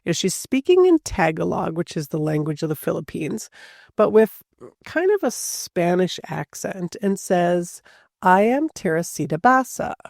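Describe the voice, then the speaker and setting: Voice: mid-range voice, big pitch swings, measured pace, vocal fry, dark tone, no room sound, clean studio sound. A podcast host telling a true-crime story casually, with chatty asides and a lot of "like".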